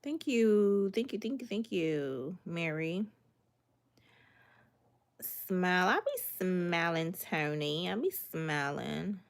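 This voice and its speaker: With a lowish, very animated voice, she takes her time as she talks. The young livestreaming cooking creator from Miami, Florida, reads comments and says hi to viewers by name in a relaxed, sassy style.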